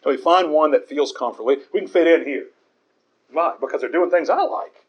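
A man's voice: a little high, fairly quick, rough recording. A man preaching a conversational Bible sermon in an earnest way, often stumbling over repeated words.

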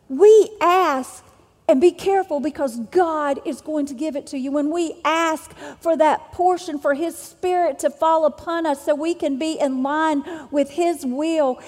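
A woman's voice: high voice, darkish tone, long reverb tail. A woman preacher delivering a sermon with an emphatic, repetitive cadence.

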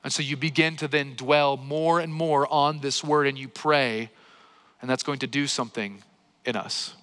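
Bright-voiced pastor preaching in a reverberant hall. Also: male voice, medium pitch, steady tone, a little slow, smooth. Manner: conversational preaching with rhetorical questions. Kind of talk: sermon.

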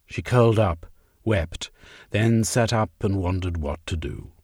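A man narrating a story aloud in a measured, expressive reading. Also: low-pitched, crowd noise. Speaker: audiobook narrator.

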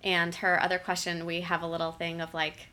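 A woman's voice: fairly low pitch, monotone, fairly quick, bright, forceful tone. A woman co-hosting a nutrition podcast in casual chat, reading listener questions aloud, laughing easily and dropping "like" and "you know" often. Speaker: podcast co-host.

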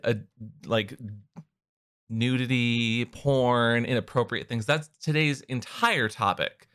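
A man's voice: mid-range voice, slow pace, fairly bright tone, clean tone. A man hosting a podcast, casual banter full of teasing jokes and small stumbles. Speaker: podcast host.

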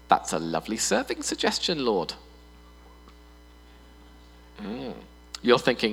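A man preaching a sermon in a church hall, animated and playful, often putting on voices for humor. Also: medium pitch, measured pace, creaky, pauses often, slightly rough. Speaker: pastor. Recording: long reverb in a hall with mains hum.

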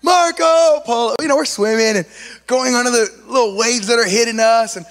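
A man with an East Los Angeles accent preaching a sermon as an animated story, acting out quotes with lots of "like" and "you know". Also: very high voice, fairly quick, big-room sound, faint music behind.

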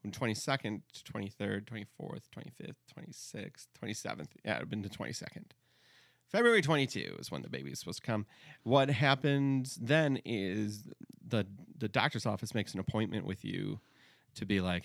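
A man's voice: on the low side, lively intonation, a little fast, vocal fry, no echo, clean studio sound. A young man casually telling a rambling, jokey story as a podcast co-host. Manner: rambling, jokey, slips into comic voices.

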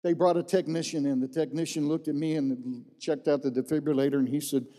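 A middle-aged pastor speaks a little fast in a slightly high, warm voice with a steady tone. Recorded in a large hall with long reverb, he gives his testimony as a folksy storyteller, repeating phrases for emphasis.

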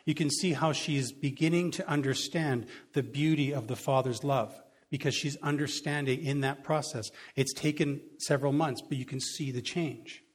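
A man's voice: medium pitch, moderate pace, hardly any pauses, breathy edge. A man preaching a sermon, reading a Bible passage and adding casual, chuckling asides. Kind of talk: sermon reading scripture with commentary.

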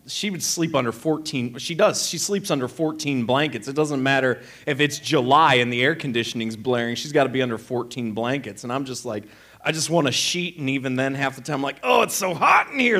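A man, a pastor, giving a sermon and telling a personal story with lively, animated delivery. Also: medium pitch. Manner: animated storyteller, acting out both sides of a dialogue.

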